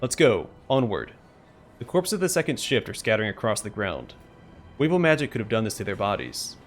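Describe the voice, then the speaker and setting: Low voiced guy reading game story aloud, lots of ups and downs in his voice. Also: fast talker, faint music behind. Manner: expressive storytelling read. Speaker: let's play host.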